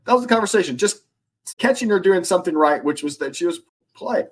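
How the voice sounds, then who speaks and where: A man, an influence expert and author, telling animated stories as a podcast interview guest, with frequent restarts. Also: high voice, quick pace, breathy edge.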